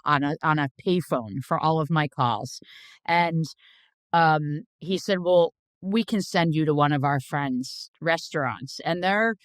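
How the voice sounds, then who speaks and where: A woman in her fifties tells stories from her cooking career in a relaxed interview. Her voice is smooth and even, recorded dry and close with no room around it. She talks bluntly and chattily, with plenty of "like" fillers and the odd swear word. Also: low voice, dry recording. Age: 50s. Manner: chatty, animated anecdotes with frequent "like" fillers. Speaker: chef, interview guest. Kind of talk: casual interview storytelling.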